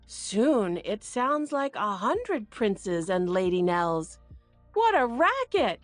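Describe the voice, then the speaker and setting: Slow, very animated woman reading a picture book. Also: no room sound. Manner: expressive and slow, very lively pitch. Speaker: read-aloud narrator. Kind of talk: children's picture book read-aloud.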